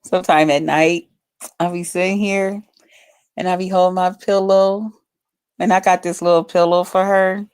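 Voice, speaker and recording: A woman's voice: lowish voice, fairly even intonation, normal speed, a little mellow, smooth, dry recording. A woman chatting casually to her viewers on a phone livestream from home, rambling and swearing freely. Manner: rambling, profane, talks straight to viewers.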